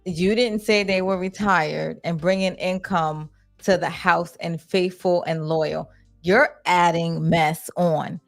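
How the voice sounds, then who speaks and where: Young woman hosting a live chat, gravelly low voice, blunt and candid, faint music behind. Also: fairly even intonation, slow. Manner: candid, blunt, swears casually. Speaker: livestream host. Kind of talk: casual live chat reading comments.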